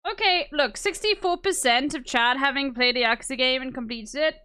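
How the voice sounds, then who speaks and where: A woman's voice: sits high, fairly quick, bright, forceful tone, clean tone. A woman streaming a game, chatting casually and giggling while she reads the game's dialogue aloud in silly voices. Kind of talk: casual gameplay commentary. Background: game music.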